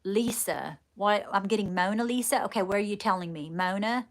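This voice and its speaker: A woman leading a live channelling stream, speaking in halting, repeated phrases and calling her viewers darling. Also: medium pitch. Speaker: psychic medium.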